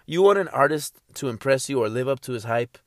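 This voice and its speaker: A young man ranting in a casual monologue, animated and profane, repeating himself and laughing at his own points. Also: medium pitch, brisk, no echo, studio quality.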